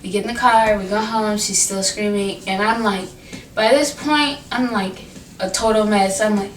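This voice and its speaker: A young woman tells a personal story to her camera, chatty and animated, leaning on fillers. Her voice sits a little away from the camera mic in a roomy, echoing space with faint noise behind. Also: medium pitch, moderate pace, far from the mic. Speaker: vlogger. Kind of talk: casual storytime vlog. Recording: echoey room, voice a bit off-mic.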